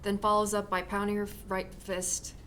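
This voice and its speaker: A woman's voice: medium pitch, flat delivery, moderate pace, a bit bright, a little hiss or hum, close to an everyday voice, low-quality recording. A woman narrating and describing her subject's sounds and gestures.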